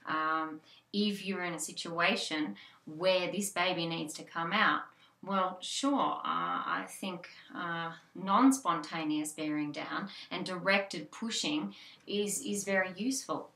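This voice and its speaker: A woman's voice: on the low side, slow pace, sharp tone, roomy sound. A woman with an Australian accent, a childbirth educator giving an informal talk with many fillers and restarts. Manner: conversational, with frequent fillers and restarts.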